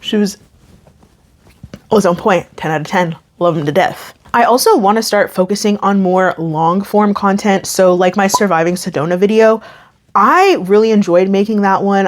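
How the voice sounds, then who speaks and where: A young woman YouTube creator chatting casually to camera, emphatic and often restarting her sentences. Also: mid-range voice. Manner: chatty, emphatic, self-interrupting.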